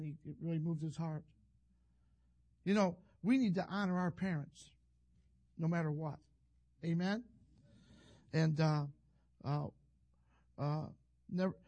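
Gravelly older preacher man. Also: on the high side, darkish tone. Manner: rambling, folksy, self-interrupting. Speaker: pastor. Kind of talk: sermon with personal story.

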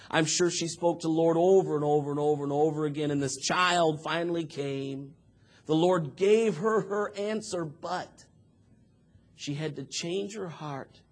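A man preaching a sermon, moving from quiet talk to shouted fervor and acting out prayers and voices as he tells the story. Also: a little high. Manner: acts out prayers and dialogue in the telling.

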